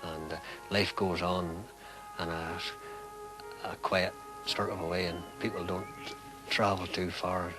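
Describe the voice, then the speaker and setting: A man with an Ulster accent, a farmer speaking slowly with many hesitations in an interview. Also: sits low, flat delivery, rough recording. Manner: slow, with many uhs. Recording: documentary with loud music beneath.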